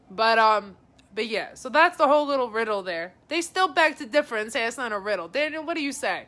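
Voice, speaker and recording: Brisk and animated, a woman psychic advisor with a voice on the high side runs a live-streamed reading. Her tone is bright and clear; she's chatty and informal, repeatedly naming viewers as she relays their messages.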